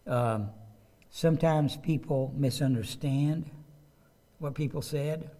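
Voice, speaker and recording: Man, pastor, sermon, somewhat high voice, conversational, repeats himself, asks rhetorical questions. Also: slow pace, mellow. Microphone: microphone with a loose connection.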